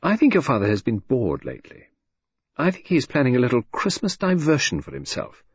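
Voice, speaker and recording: A man voicing a restless, sharp-tongued middle-aged wife who speaks quickly and with a pointed, ironic edge. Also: mid-range voice, wildly swooping pitch, breathy edge, no room sound, pitched above the performer's own voice, exaggerated voice. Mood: vehement. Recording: dull, dry lo-fi recording.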